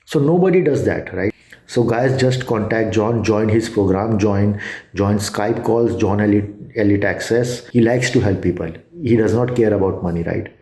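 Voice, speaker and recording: Indian accent guy, lowish mellow voice, lots of uhs and restarts, echoey room. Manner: halting, many fillers and restarts. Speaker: student giving a testimonial. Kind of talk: casual testimonial.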